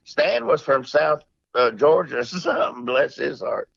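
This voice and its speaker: A man's voice: a little high, sing-song, measured pace, vocal fry, a bit bright, husky, no room sound, muffled recording. A man, a golf podcast guest, chiming in on a shared story with chuckles. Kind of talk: casual storytelling.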